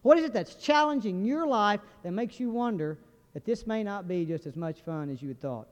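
Folksy preacher, lively high voice. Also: male voice, normal speed. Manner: folksy, humorous, asks the crowd questions. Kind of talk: sermon. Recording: dull recording with long hall reverb.

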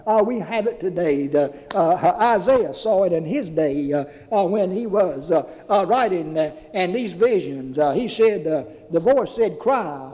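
Halting male preacher, dull echoey recording. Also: high voice, animated, dark tone. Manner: halting delivery with constant "uh" fillers, addresses listeners as beloved. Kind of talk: sermon. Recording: dull lo-fi recording with long reverb.

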